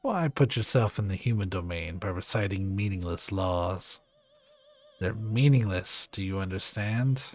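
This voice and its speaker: A man's voice: sits low, unhurried, a little mellow, faint music behind. A gloating mad-scientist villain, read by a man. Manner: gloating, cackling, repeats himself. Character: sneering mad scientist, middle-aged male villain.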